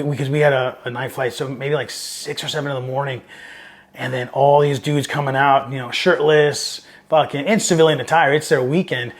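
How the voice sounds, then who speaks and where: A middle-aged man from Southern California, a Marine veteran telling war-era stories in a casual, profane, rambling way, livening up when he quotes others. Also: mid-range voice. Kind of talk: casual storytelling interview.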